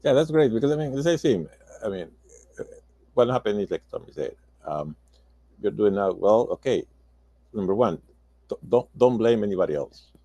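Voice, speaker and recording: A man in his sixties, a native Spanish speaker talking in halting English with many restarts in a casual roundtable discussion. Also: fairly low pitch, lively intonation, warm tone, no echo. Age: 60s. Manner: halting, repeats words, non-native phrasing. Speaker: roundtable guest.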